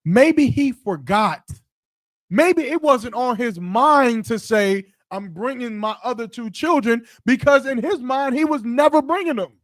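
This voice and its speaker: Co-hosting a podcast in casual chat, a man with a very high, animated voice speaks unhurriedly, preaching his point and acting out the voices of people in his stories. The sound is studio quality with no room sound.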